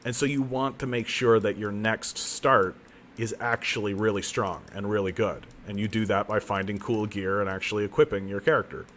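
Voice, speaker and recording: A man in a slightly low register rambles through a game stream from his home setup. He mocks himself and jumps into excited bursts as the game goes on. He talks into a desk mic at home. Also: moderate pace, slight background noise. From Canada. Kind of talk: casual gaming commentary. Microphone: new desk mic.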